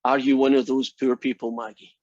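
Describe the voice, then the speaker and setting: A Scottish man teaching a college math class, relaxed and chatty with a dry, teasing humor. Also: medium pitch, fairly quick, no room sound, highs cut off. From Scotland. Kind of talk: classroom lecture.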